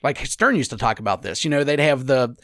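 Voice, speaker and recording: A man's voice: medium pitch, animated, a little fast, a bit bright, no echo, clean studio sound. A man with a Cincinnati accent co-hosting a podcast, ranting profanely and with animation in casual banter. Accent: Cincinnati, Ohio. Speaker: podcast co-host.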